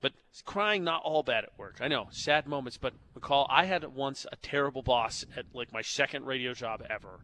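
A man's voice: mid-range voice, normal speed, hardly any pauses, bright, forceful tone, a little hiss or hum. A young man hosting a morning radio show, telling stories in a joking, chatty way from the studio. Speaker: radio host. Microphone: studio mic.

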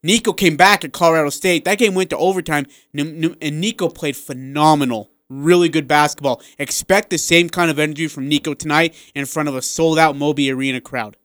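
A man with a slight lisp co-hosting a sports talk radio show, animated and piling up examples in quick bursts. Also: a little high, no echo. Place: radio studio.

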